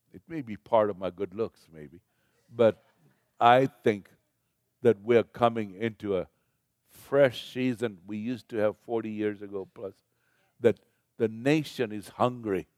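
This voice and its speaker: A man's voice: fairly low pitch, fairly even intonation, takes it slowly, long pauses, darkish tone, no echo, clean studio sound. An older man giving a sermon as a preacher, talking in a conversational way and putting questions to the congregation.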